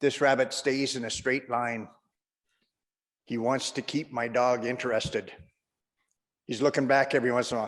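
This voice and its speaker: A man's voice: mid-range voice, steady tone, moderate pace, pauses often, fairly bright tone, big-room sound. A man doing stand-up comedy, telling a long, rambling anecdote.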